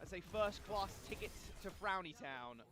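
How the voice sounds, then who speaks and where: A male esports caster calls the match play by play. His pitch runs slightly high, and the big moments get excited calls. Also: moderate pace. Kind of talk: play-by-play commentary.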